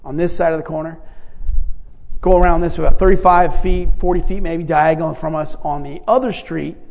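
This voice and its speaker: A man's voice: on the high side, fairly even intonation, a little fast, a little mellow. A male preacher telling stories in a rambling sermon, often restarting and chuckling as he talks. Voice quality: gravelly. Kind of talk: sermon storytelling. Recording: long reverb in a large hall.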